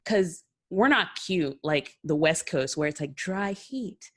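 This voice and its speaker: A woman's voice: fairly low pitch, lively intonation, takes it slowly, a bit bright, a little hiss or hum. A woman co-hosting a podcast in casual chat, playful and talkative, recorded in her apartment. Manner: chatty and playful. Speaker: podcast co-host.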